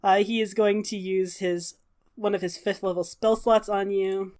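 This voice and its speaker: A woman running a tabletop game as game master, narrating in an animated way with frequent fillers. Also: mid-range voice, normal speed.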